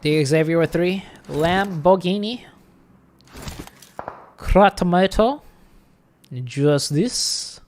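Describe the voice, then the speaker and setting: An esports caster doing solo play-by-play commentary from a home streaming setup, chatting offhandedly in lulls and bursting into excited calls during fights. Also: medium pitch, measured pace, slight background noise. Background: faint game gunfire.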